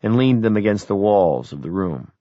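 A middle-aged man reading an audiobook in the first person, measured and reflective. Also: fairly low pitch, sing-song, warm tone, no echo. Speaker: audiobook narrator. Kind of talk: scripted narration. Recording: dry, dull lo-fi audio.

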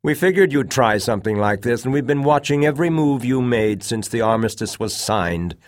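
A man voicing a lean aristocratic male colonel who speaks with cool, commanding confidence, pitched above his own voice. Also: lively intonation, normal speed, natural voice. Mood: smug.

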